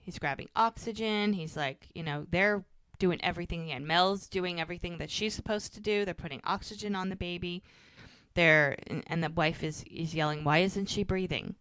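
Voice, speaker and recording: A woman's voice: on the low side, smooth, no room sound, studio quality. A woman co-hosting a podcast, casually retelling a TV episode scene by scene and quoting the characters. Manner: animated retelling, quoting characters with quick voice shifts. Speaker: podcast co-host recapping episodes. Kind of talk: casual recap chat.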